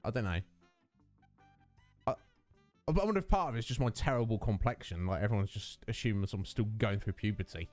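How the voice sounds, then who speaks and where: A man's voice: fairly low pitch, animated, a little fast, pauses often, a little mellow, dry recording, soft background music. A young man hosting a casual stream, rambling with lots of fillers and self-mocking asides. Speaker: livestream host. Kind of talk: casual chat with viewers.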